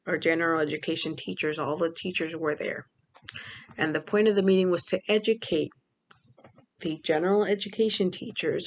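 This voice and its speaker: A chatty woman vlogger talks casually about her workday as a school speech therapist. Her voice has a gravelly, creaky edge, and she often clears her throat between thoughts. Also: a little hiss or hum. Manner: acts out quoted people with pitch jumps. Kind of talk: casual storytelling vlog.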